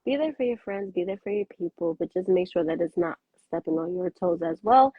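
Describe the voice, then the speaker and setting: Young woman chatting on a show, kinda husky, sounds like a tinny phone line, super animated doing her friends' voices. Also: lowish voice, fairly quick, dry recording. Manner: animated, acts out friends' lines in quotes. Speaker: co-host. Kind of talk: candid casual chat.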